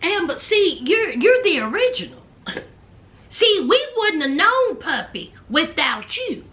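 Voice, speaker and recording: A woman's voice: very high-pitched, sharp tone. A woman recapping a reality show in a sassy, gossipy vlog, calling viewers child and honey. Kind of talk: casual recap commentary.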